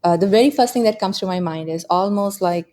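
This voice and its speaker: A woman's voice: medium pitch, fairly quick, dark tone. A middle-aged woman from Pakistan with a Pakistani accent, a guest in an interview telling her story earnestly and laughing often. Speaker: guest, security executive. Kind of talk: reflective interview talk.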